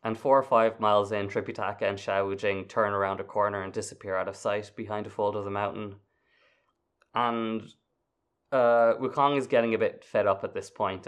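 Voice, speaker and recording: A man's voice: fairly low pitch, a bit bright. A man co-hosting a podcast, retelling a story casually and wryly. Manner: laid-back, wry, laughs while retelling. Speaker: podcast co-host.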